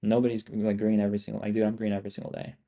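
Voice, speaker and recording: A man's voice: fairly low pitch, monotone, very fast, gravelly, mellow. A young man live-streaming his trading, talking casually to his chat in a rambling, profane, boastful and repetitive way. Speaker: live-streaming options trader.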